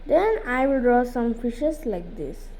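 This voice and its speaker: Woman, drawing lesson, slow pace, soft warm tone, simple repeated steps. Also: a little high, very animated, poor audio. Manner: simple repeated instructions, unhurried. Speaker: drawing tutor. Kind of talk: step-by-step drawing tutorial.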